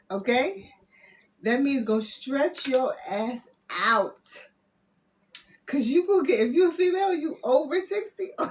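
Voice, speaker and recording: A woman reading spiritual messages on a live stream, loud and playful, laughing often as she teases her viewers. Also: fairly high pitch. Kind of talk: casual live-stream chat.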